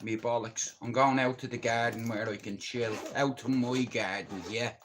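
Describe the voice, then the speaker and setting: A man's voice: mid-range voice, fairly even intonation, normal speed, a bit bright, slight background noise. A middle-aged Irish man rambling bluntly in a casual live-stream chat, swearing freely and speaking openly about his feelings. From Ireland. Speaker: livestreamer.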